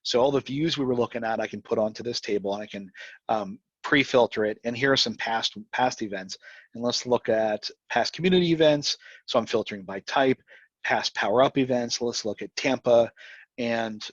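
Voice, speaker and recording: A man presenting a live software demo, talking fast and rambling, with frequent restarts. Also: mid-range voice, dry recording, highs cut off.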